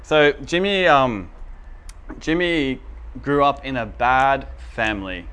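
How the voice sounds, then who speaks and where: A man's voice: mid-range voice, takes it slowly, a bit bright, clean tone. A man giving a casual, chatty teaching talk in a church room, often asking the audience whether they follow. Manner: chatty and informal, asks the audience for agreement.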